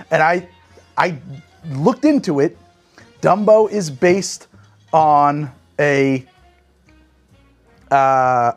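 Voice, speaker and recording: A man chatting casually on a live stream, rambling, swearing freely and thinking aloud as he answers chat. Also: on the high side.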